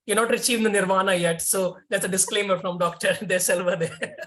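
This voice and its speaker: A woman's voice: mid-range voice, fairly even intonation, a little fast, fairly bright tone. A woman moderating, putting questions to a guest and rephrasing them hesitantly.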